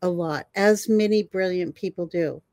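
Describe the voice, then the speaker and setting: An older woman, a herbalist guest, telling animated stories in a conversation and laughing often. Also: on the low side, moderate pace, dry recording. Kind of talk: storytelling in a conversation.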